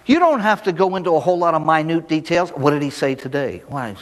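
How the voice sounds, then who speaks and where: Folksy priest in an echoey hall. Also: male voice, fairly high pitch, animated, quick pace. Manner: folksy storytelling with rhetorical questions. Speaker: priest giving a recovery talk. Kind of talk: recovery talk to a live audience.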